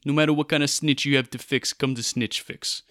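A man voicing a menacing mob-style spokesman in a comic mock ad, with a put-on mobster accent and a slow, drawling pitch full of veiled threats. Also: steady tone, a bit bright, no echo, natural voice. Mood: menacing salesy.

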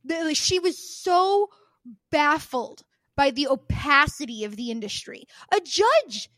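Female podcast co-host, high voice, exasperated ranter who swears and acts out quotes; dry, close recording. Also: expressive, measured pace, a bit bright, dry recording. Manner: ranting, exasperated, swears freely; acts out quoted people with shifts of voice. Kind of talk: casual podcast chat.

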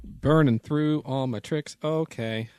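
A man's voice: a little high, slow, dark tone, smooth, no room sound. A young man playing a tabletop game, eager and chatty, narrating his own actions. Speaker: player.

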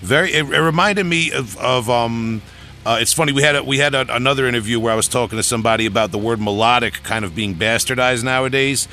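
Bright-voiced man hosting a podcast. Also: medium pitch, fast talker, a little hiss or hum. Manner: enthusiastic, chatty questions. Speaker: podcast host. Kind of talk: casual interview.

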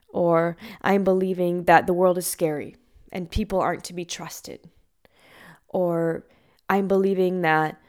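A woman giving a reflective spiritual talk as a meditation teacher, gentle and earnest in manner. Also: lowish voice. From Hawaii. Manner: gentle and earnest, with lively acted quotes.

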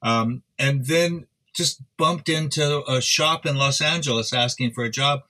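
Bright-voiced older man telling stories. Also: medium pitch. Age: 70s. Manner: rambling, halting storyteller with restarts. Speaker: guest, instrument restorer. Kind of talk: casual interview chat.

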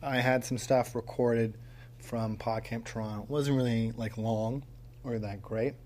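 A man's voice: medium pitch, steady tone, a little slow, darkish tone, a little hiss or hum. A man hosting a casual solo podcast from a home studio, rambling with lots of ums and dry self-mocking humor. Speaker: podcast host. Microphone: mic on a tripod.

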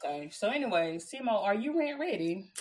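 A young adult woman co-hosting a podcast in casual chat, emphatic, chiming in with quick reactions. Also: mid-range voice, very animated, darkish tone. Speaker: podcast co-host.

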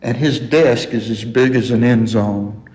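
A man's voice: medium pitch, fairly even intonation, measured pace, darkish tone, in a large hall, low-quality recording. An older man telling a story on a radio talk show, folksy and chuckling often.

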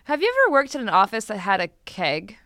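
A woman's voice: medium pitch, sing-song, quick pace, bright, forceful tone, no echo, clean studio sound. A woman co-hosting a podcast in casual chat, giggly and chatty with lots of fillers. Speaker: podcast co-host.

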